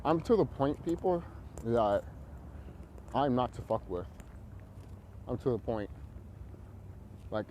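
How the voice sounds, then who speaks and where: Male vlogger, rambling combative rant, heavy swearing, low warm tone. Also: a little hiss or hum. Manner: profane, confrontational, full of fillers.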